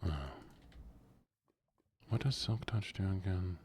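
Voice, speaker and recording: A man streaming a game in a quiet, soft-spoken way, drawling and sometimes dropping to a whisper, close to a desk mic at home. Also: low-pitched, steady tone, slow pace, slight background noise.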